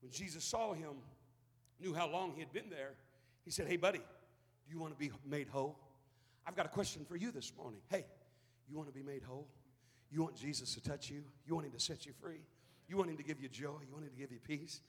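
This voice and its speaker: A man preaching an impassioned sermon as pastor, acting out the people in the story and building to shouts. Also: fairly high pitch, quick pace, big-room sound. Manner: impassioned, plays out bible characters, rising to shouts.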